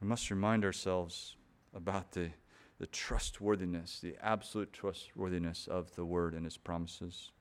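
A man's voice: deep voice, fairly even intonation, moderate pace. A man preaching a sermon in an earnest, emphatic way, pressing key points harder and often repeating words as he builds them.

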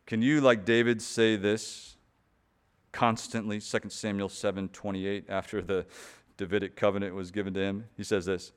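A man's voice: fairly low pitch, level tone, normal speed, clean tone. A man preaching a sermon in an earnest, emphatic way, pressing key points harder and often repeating words as he builds them.

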